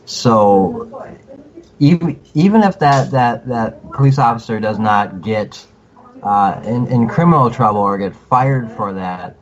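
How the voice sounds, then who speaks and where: A man giving advice as a podcast guest in casual talk, halting and repeating words as he restarts his sentences. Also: on the low side. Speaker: podcast guest, cop watcher. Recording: dull lo-fi audio with faint noise.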